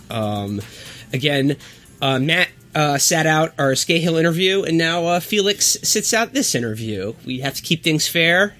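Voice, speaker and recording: A man's voice: a little high, fairly bright tone. Joking, swearing podcast host man. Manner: joking, loose, swears freely. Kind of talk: casual podcast banter.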